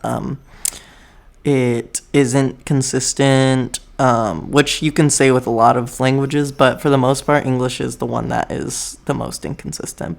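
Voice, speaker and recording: A man's voice: medium pitch, vocal fry. A young American man talking casually to his camera, rambling and correcting himself, often laughing. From United States. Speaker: vlogger.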